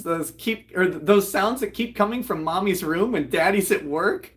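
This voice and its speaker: Man, livestream host, casual storytelling, profane, animated, laughing. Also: high voice, normal speed, hardly any pauses. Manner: profane, animated, laughs while retelling jokes.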